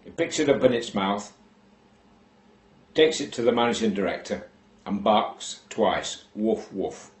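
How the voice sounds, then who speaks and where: A man slowly telling a shaggy-dog joke, unhurried and deadpan with long pauses. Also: on the low side, roomy sound. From England. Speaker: joke teller.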